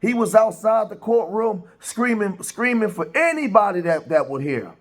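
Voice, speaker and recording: Guy doing a commentary vlog, kinda high voice, lots of uh uh and restarts. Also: lively intonation. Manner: halting, heavy with filler sounds and restarts. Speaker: commentary channel host. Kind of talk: casual news commentary.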